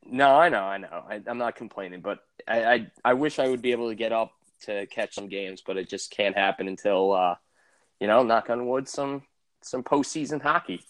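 A man's voice: fairly low pitch, normal speed, no echo. A young man co-hosting a podcast, chatting in a friendly, easygoing way. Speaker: podcast co-host. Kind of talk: casual chat.

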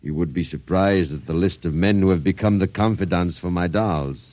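A man's voice: deep voice, moderate pace, darkish tone, no echo, close to an everyday voice. An actor playing a sinister, scheming male doll maker who blackmails people, in an old-time radio drama with a silky, menacing manner. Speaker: villain. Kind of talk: vintage radio drama acting.

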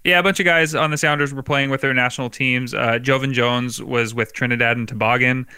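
A man with a bright, smooth, clear voice chats in easygoing podcast banter, wandering through his points with plenty of ums. The sound is close and dry, with no room echo. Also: medium pitch, steady tone, fairly quick. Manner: laid-back, rambling, laughs often, filler-heavy. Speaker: podcast co-host. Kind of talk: casual chat.

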